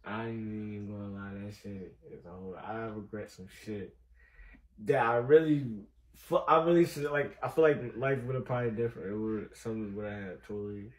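A man's voice: fairly low pitch, fairly even intonation, normal speed, low-quality recording. A young man as a guest on a casual livestream chat, laid-back and rambling, with loose slangy phrasing.

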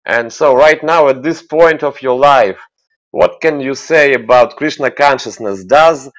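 A man's voice: medium pitch, unhurried, fairly bright tone. A man who is a guest in a casual interview, asking questions hesitantly and searching for words.

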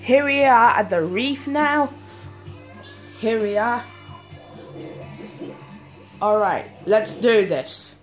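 A woman giving live gameplay commentary, excitable and quick to panic, exclaiming often and laughing at herself. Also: fairly high pitch, soft background music. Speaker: gaming video host.

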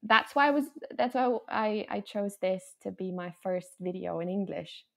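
Creaky-voiced woman. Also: medium pitch, normal speed. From Germany. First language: German. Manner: chatty, with many fillers and restarts. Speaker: podcast guest. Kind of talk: casual conversation.

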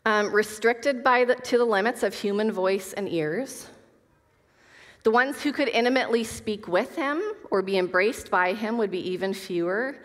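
A woman's voice: medium pitch, moderate pace, a bit bright. A woman teaching a Bible study to a women's group, earnest, reading scripture aloud with casual asides. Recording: long reverb of a hall.

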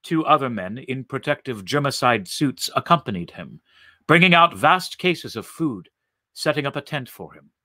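A man reading a story aloud in an expressive, deliberate way. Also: medium pitch, no room sound, studio quality.

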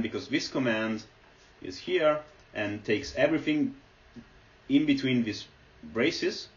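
A man giving a screen-recorded lecture, explaining step by step with many fillers as he types. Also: medium pitch. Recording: echoey, distant, dull lo-fi.

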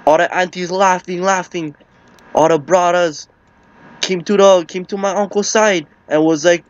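A man's voice: fairly high pitch, steady tone, unhurried, no echo, muffled recording. A man with a Hawaiian Pidgin accent telling a rambling comic tall tale, acting out the people in it. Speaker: storyteller. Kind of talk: comic storytelling.

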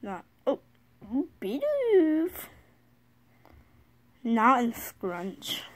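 Young girl, casual vlog, slightly high voice, unhurried speech, excitable, apologetic. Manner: excitable, reads names aloud, frequent apologies. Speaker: vlogger. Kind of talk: casual card-opening vlog. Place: sitting on her bed at home.

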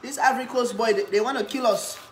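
A woman chatting casually in an eating vlog, humming with pleasure between bites and cheering when something catches her eye, then giving a playful pitch for her own products. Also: fast talker, a little hiss or hum. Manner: chatty, talks while eating, hums with pleasure, bursts into cheers. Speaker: cooking vlogger.

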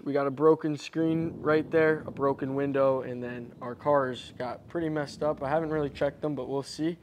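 A man's voice: a little high, a little hiss or hum. A man from Florida filming outdoors after a storm, talking straight to his viewers in an amazed, exclaiming way. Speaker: vlogger. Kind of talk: on-location vlog commentary. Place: outdoors at home and around town after a storm.

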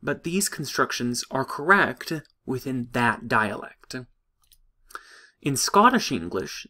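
A man giving a recorded psychology lecture, explaining things in a measured way. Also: mid-range voice, big pitch swings, pushed and bright.

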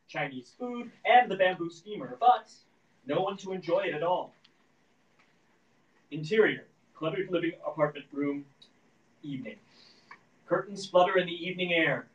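A man reading the stage directions of a screenplay aloud at a live reading, in a steady, descriptive manner. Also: fairly high pitch, muffled recording. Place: event room at a live reading. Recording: echoey room, distant mic.

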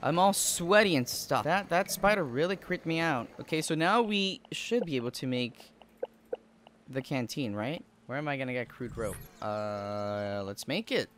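A man commentating his own gameplay in a casual let's-play style, excitable and prone to swearing when startled. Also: medium pitch, moderate pace, noisy background. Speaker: gaming YouTuber.

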